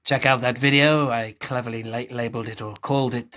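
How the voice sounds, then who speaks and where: Male host, chatty collector vlog, mid-pitched, rambling with lots of asides. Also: steady tone, a little fast, sharp tone. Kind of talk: casual toy review vlog.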